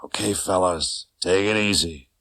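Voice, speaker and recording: A man voicing a cold gangster who speaks slowly and softly with quiet menace. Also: on the low side, no room sound, natural voice. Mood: menacing. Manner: slow and soft, menacing. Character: cold, soft-spoken American gangster. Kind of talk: audiobook character voice.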